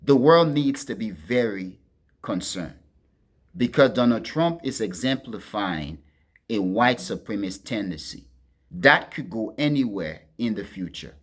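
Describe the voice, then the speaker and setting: A man hosting a political commentary monologue, talking to his listeners as friends in a deliberate, emphatic way and leaning hard on key words. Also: lowish voice, expressive. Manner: deliberate, addresses listeners as friends, stresses words with sharp swings in loudness.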